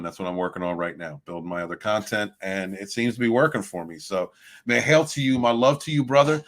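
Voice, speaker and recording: A man hosting a livestream, reading viewer chat and ranting in a rambling, profane way with loud swings of emphasis. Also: medium pitch. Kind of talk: casual rant and chat.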